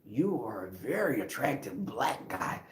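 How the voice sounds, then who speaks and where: A man voicing a portly man making smooth, suggestive come-ons at a club, in a quiet, lower voice. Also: big pitch swings, a little slow. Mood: flirty. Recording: roomy echo.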